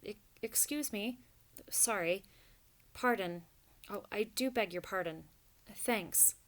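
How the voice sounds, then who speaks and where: A woman's voice: mid-range voice, slow, a bit bright. A woman voicing a polite, naive young male mouse who speaks hesitantly. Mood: flustered.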